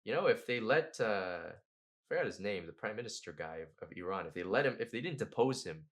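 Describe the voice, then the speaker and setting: A man, a podcast guest who tells history as animated, slangy stories and laughs often. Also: lowish voice, fairly quick. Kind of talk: casual podcast conversation.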